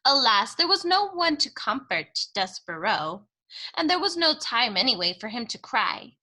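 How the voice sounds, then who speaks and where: Slow, bright-voiced woman teacher reading aloud. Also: a little high. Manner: expressive, deliberate storytelling. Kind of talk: reading a children's book aloud, then explaining.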